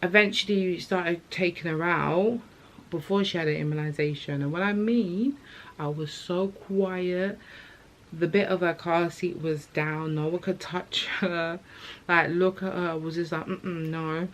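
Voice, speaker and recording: A young woman from England speaks a little slowly in a fairly low voice as she vlogs about motherhood. Her storytelling is candid, chatty, emotional and full of slang, with faint background noise.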